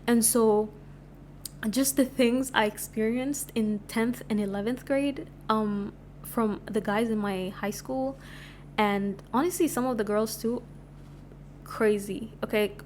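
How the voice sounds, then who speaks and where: A woman's voice: on the high side, takes it slowly, a little hiss or hum. A woman in her twenties from Sudan, chatting casually as she tells stories on her podcast and filling her talk with "like". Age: 20s. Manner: chatty, animated, lots of filler "like". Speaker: podcast host. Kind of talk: casual storytelling.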